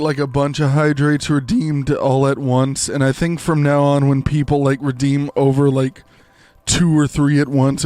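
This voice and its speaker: With a slightly mellow voice on the high side, a young man live-streams a game and rambles to his viewers, using many fillers. There's no echo in the recording.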